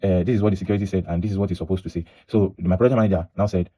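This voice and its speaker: A man's voice: low voice, steady tone, racing, mellow. A young Nigerian man with a Nigerian accent, telling a personal story in a casual, rambling way, restarting and repeating himself and slipping into Pidgin. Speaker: vlogger.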